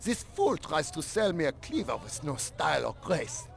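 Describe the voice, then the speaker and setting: A snooty market trader, gravelly voice that swoops all over. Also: male voice, fairly high pitch, big pitch swings, moderate pace. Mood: scornful. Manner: scornful, showy. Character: haughty male bazaar merchant, proud of his goods.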